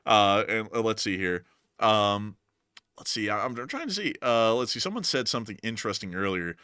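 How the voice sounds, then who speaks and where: Bright-voiced man on a dry mic. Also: lowish voice, expressive, normal speed, clear, resonant tone, no room sound. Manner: jokey, upbeat, filler-heavy. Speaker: live stream host reading super chats. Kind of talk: casual chat.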